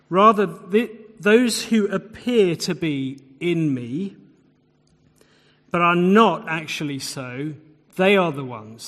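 A man's voice: fairly high pitch, a bit bright. Man preaching in a reverberant hall. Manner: expository, restarts and fillers, emphatic repetition. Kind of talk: sermon.

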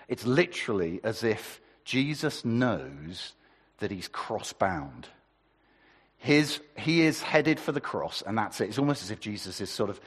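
A man preaching a sermon with a husky voice, conversational and asking the congregation questions. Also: lowish voice, sing-song, a little slow, fairly bright tone, big-room sound.

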